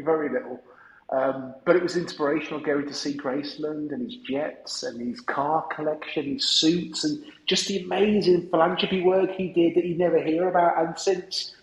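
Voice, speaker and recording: A man's voice: a little high, roomy sound, highs cut off. A man hosting a business podcast, chatting casually and cheering on his guest. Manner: enthusiastic, affirming interjections. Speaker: podcast host. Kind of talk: casual interview chat.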